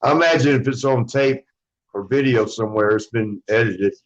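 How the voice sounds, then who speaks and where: A former wrestler as an interview guest, telling stories casually in a rambling way, swearing freely and acting out what others said. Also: male voice, medium pitch, normal speed, dull audio. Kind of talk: casual storytelling.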